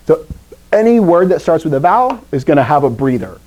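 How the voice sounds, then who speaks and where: Lively, chatty woman teaching. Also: low-pitched, fairly quick. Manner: lively, chatty, quizzes the class, jokes. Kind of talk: live classroom lesson.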